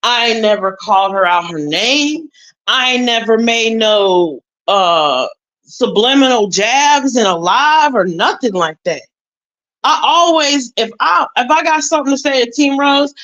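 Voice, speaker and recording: A woman who is an adult with a son tells her viewers a story as a YouTube commentator, chatting casually, speaking emphatically and repeating herself for weight. Her voice is fairly high, expressive, and a bit bright, at a measured pace, on a rough recording.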